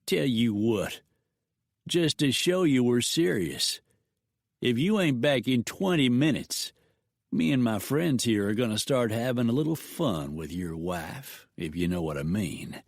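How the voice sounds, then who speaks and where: A man voicing a menacing outlaw leader who makes slow, drawling threats. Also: mid-range voice, animated, gravelly, dry recording, studio quality.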